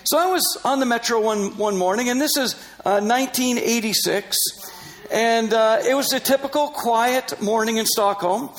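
High-voiced man telling a lively story. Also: moderate pace, poor audio. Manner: animated, laughing often, acting out quoted dialogue. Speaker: Christian missionary. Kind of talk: personal storytelling in conversation.

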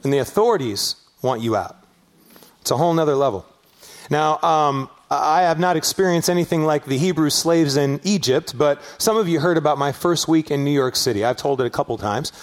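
A middle-aged man from Los Angeles preaching a sermon as pastor, telling a story with animated rises and shouted peaks. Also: fairly high pitch, a little fast. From Los Angeles area, US.

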